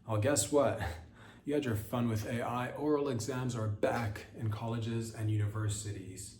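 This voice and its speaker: A man's voice: medium pitch, steady tone, normal speed, darkish tone, far from the mic. A man does a profane, mock-outraged comedy monologue for his podcast, his voice sitting in a middle register. The room is echoey, with a faint hiss of noise behind him. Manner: profane, sarcastic, mock-indignant rants. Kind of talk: crude satirical monologue.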